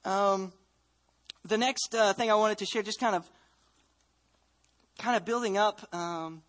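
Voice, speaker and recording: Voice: mid-range voice, a little slow, a bit bright. A speaker from the United States giving a personal faith testimony, telling the story earnestly and reflectively, often restarting phrases.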